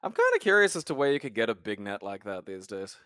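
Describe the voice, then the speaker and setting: A man's voice: on the low side, huge pitch swings, quick pace, fairly bright tone, clear, resonant tone, dry recording, studio quality. A young man co-hosting a casual podcast chat, rambling and swearing often as he trails off mid-sentence. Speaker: podcast co-host.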